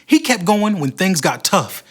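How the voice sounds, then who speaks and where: A man telling a story on a children's church show with dramatic, expressive narration. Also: high voice, a little slow. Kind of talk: scripted storytelling for kids.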